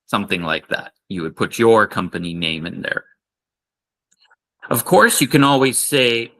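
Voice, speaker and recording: A man teaching an online English lesson for retail staff, speaking slowly and patiently and repeating phrases for learners to say along with him. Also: medium pitch, expressive, pushed and bright.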